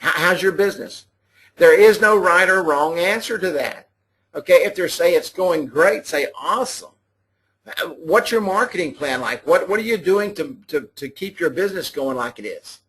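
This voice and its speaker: Guy coaching salespeople on a webinar, kinda high voice, chatty and repeats himself, audio clipping. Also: expressive, moderate pace, a bit bright. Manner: folksy, repetitive, talks to listeners directly. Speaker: sales trainer for a mobile app business. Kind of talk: live webinar sales training.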